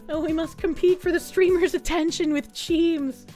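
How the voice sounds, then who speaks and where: A woman's voice: very high voice, steady tone, normal speed, warm tone, soft background music. A young adult woman streaming, chatting loosely through casual reaction commentary, swearing freely and reading chat messages aloud.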